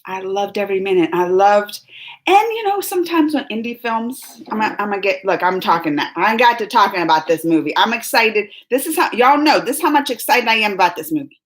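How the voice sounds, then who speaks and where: A woman hosting a live movie chat, talking in a rambling, animated way with lots of fillers and laughs. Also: mid-range voice, a little fast. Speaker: host of a movie reaction livestream. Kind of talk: casual livestream chat.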